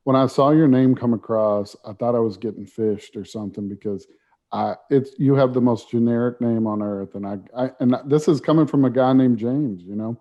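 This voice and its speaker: A man co-hosting a podcast, introducing a guest in a chatty, halting way with fillers. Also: mid-range voice. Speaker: podcast co-host. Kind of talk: casual chat, introducing a guest. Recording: dull lo-fi audio.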